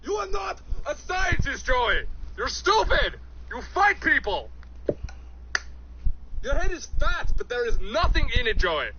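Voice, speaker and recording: A man voicing a frantic, conspiracy-minded billionaire with a put-on South African accent, scolding and shouting. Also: high voice, normal speed, close to an everyday voice. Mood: ranting. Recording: muffled, noisy recording.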